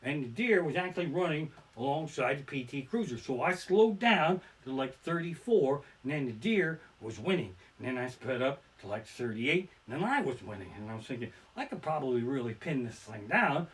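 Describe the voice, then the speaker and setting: Profane, animated male comedian storytelling. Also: medium pitch, moderate pace, hardly any pauses, recorded from a distance. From Pennsylvania. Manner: profane, rambling, bursts into shouts. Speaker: stand-up comedian. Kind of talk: live-streamed comedy storytelling. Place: living room at home. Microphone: simple home streaming setup.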